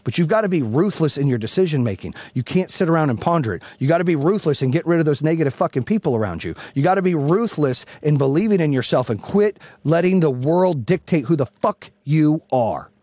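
A man hosting a podcast who gives a loud, blunt, profane motivational speech, yelling to fire up his listeners. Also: fairly high pitch, animated, brisk, few pauses, husky, no room sound. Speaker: podcast host and business coach.

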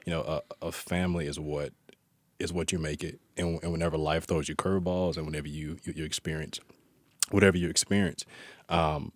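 Very deep flat-voiced father. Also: dry recording. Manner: halting, many restarts, reflective. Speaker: guest, father. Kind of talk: casual interview answer.

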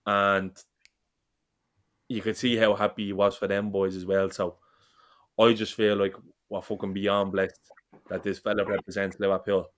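Swearing freely, a man gets passionate and rambling during a casual chat among football fans, his low voice barely rising or falling. He talks at normal speed and pauses often.

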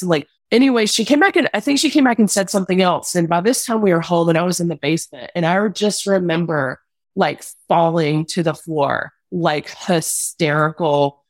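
A young adult woman talks through a painful memory as a podcast guest, candid and rambling, leaning on "like" as she goes. Her voice sits somewhat low. The sound is dry and close. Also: moderate pace, no echo. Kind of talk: emotional personal account.

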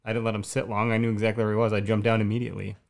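A man in his thirties from Wisconsin, co-hosting a podcast and telling an excited story in casual chat, with lots of restarts. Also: on the low side, racing, vocal fry. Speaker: podcast co-host.

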